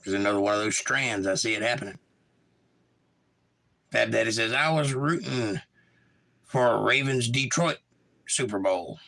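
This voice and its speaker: A man's voice: mid-range voice, a little slow, vocal fry, long pauses, bright, forceful tone, low-quality recording. A man with a Georgia Southern accent hosting a casual livestream, reading viewer comments aloud and answering them in a laid-back way. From Georgia, USA. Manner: laid-back, reads chat messages aloud and replies. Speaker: livestream host.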